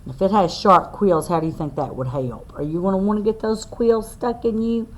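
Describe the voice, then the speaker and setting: A woman teacher reads a picture book aloud to young children, asking the class questions as she goes. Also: medium pitch. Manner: slow, sing-song read-aloud with questions to the class.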